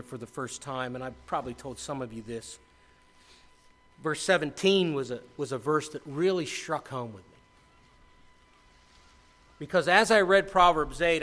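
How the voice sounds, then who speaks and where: A middle-aged man delivers a sermon from the pulpit. His voice is bright and forceful and sits a little high for a man. He talks in restarts and rises into animated preaching. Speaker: pastor.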